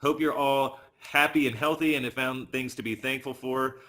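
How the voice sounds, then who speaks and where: A man's voice: mid-range voice, fairly even intonation, moderate pace, sharp tone. A man hosting a virtual open mic, upbeat and welcoming as he introduces a guest.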